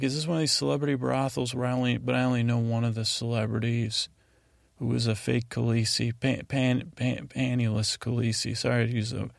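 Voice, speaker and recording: A man hosting a podcast, rambling through a slow, meandering recap full of fillers and casual paraphrased dialogue. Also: medium pitch, vocal fry, dry recording, clean studio sound. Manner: paraphrases scenes in casual voices. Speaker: podcast host.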